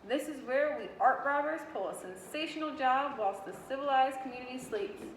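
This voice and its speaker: A woman voicing a sneaky grown male art thief in a storybook read-aloud, with a hushed, sly delivery. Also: high-pitched, fairly quick, slight background noise, close to an everyday voice. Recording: echoey classroom with long reverb.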